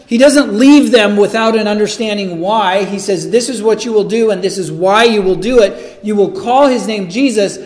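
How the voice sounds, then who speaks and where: A man preaching a sermon, earnest and emphatic, often repeating words as he builds a point. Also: high voice. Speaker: pastor.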